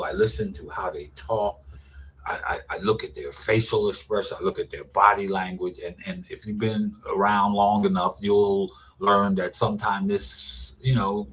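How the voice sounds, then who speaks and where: A man's voice: on the low side, fairly bright tone, slightly rough. A middle-aged man, an educator, giving casual, rambling commentary with lots of restarts and repeated words. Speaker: vlogger, educator.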